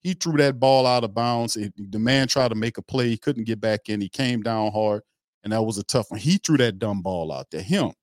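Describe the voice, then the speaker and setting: A man's voice: fairly low pitch, normal speed, no echo, clean studio sound. A man hosting a sports fan livestream, ranting bluntly and mockingly with slang and cursing. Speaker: fan show host. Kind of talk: heated fan commentary on a livestream.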